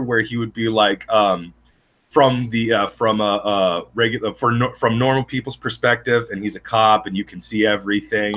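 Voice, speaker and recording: A man's voice: medium pitch, a bit bright. A man co-hosting a podcast in casual chat, blunt and profane, rambling through stories. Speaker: podcast co-host.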